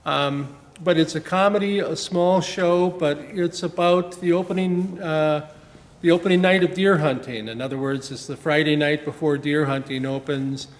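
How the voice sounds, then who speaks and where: A man's voice: on the high side, creaky. A man from Wisconsin, a play director, chatting in a casual interview, rambling with plenty of fillers and restarts. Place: small-town theater stage. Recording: echoey hall with faint noise.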